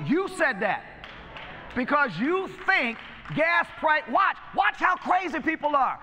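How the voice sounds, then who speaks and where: A man's voice: very high-pitched, very animated, takes it slowly, bright, forceful tone, in a large hall, slight background noise. A male pastor preaching a sermon, exhorting and calling out to his congregation. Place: church sanctuary.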